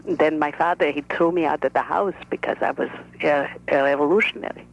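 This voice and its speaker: A woman's voice: low voice, vocal fry. Woman doing a shy old grandmother. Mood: shy, earnest. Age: older. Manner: soft-spoken, measured, slightly broken English. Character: shy, careful elderly Russian-born grandmother. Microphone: telephone. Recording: dull telephone line.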